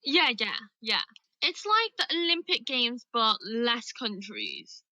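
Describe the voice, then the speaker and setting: A young woman with a Birmingham accent chats with callers on her livestream. Her voice sits a little high and sounds bright and clear. The sound is dry and close. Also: takes it slowly, no room sound, poor audio. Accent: Birmingham English. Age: young adult. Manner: relaxed, chatty, answers briefly. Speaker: livestream host. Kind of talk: casual chat with callers.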